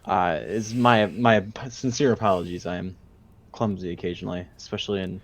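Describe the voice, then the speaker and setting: A man playing a courtly male adventurer who talks in formal, flattering phrases in a tabletop game. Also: low voice, a little fast. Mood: apologetic.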